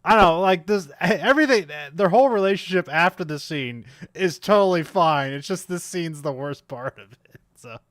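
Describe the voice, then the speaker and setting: A man's voice: high voice, lively intonation, moderate pace, fairly bright tone, no echo, clean studio sound. A man co-hosting a casual movie podcast, recapping scenes with many fillers and frequent laughs. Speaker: podcast co-host.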